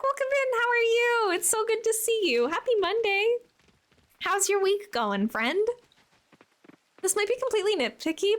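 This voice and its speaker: A woman's voice: sits high, a bit bright. A young woman chatting casually as a live streamer while playing, bubbly and talkative, answering her viewers.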